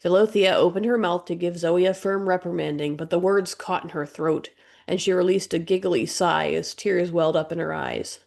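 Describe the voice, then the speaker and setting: A woman narrating an audiobook in a measured, gentle storytelling manner. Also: lowish voice, fairly even intonation, creaky. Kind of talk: scripted narration.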